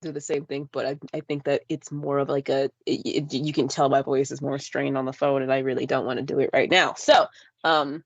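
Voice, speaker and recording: A young woman with a low voice co-hosts a podcast in loose, casual chat. She leans on fillers and slips into playful impressions of other voices. The recording is dry and a little dull. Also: little pitch movement, brisk, no echo. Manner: chatty, many fillers, mimics voices playfully. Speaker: podcast co-host. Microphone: podcast mic.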